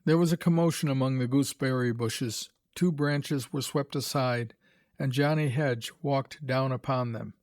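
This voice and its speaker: Brief: male narrator for a graded reader, mid pitch, dry and close. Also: dry recording. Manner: measured, even storytelling.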